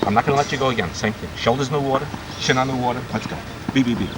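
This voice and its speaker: Man coaching a swimmer in a noisy pool. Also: medium pitch. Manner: brisk, commanding coaching with bursts of encouragement. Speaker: swim instructor. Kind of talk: poolside swim coaching and demonstration. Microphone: camcorder mic. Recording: noisy 1990s camcorder audio.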